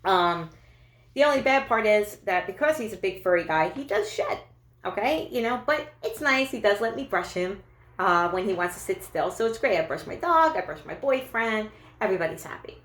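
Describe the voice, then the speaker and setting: A woman's voice: mid-range voice, animated, normal speed, fairly bright tone. Chatty self-deprecating woman comic in an echoey room. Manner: chatty, self-deprecating, many fillers and restarts. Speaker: stand-up comedian. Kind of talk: stand-up comedy monologue.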